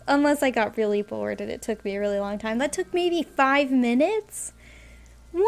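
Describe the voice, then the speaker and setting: A woman's voice: fairly high pitch, moderate pace, creaky. A young woman streaming a game, reading its text aloud and breaking off to react with squeals and laughter. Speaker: gameplay streamer.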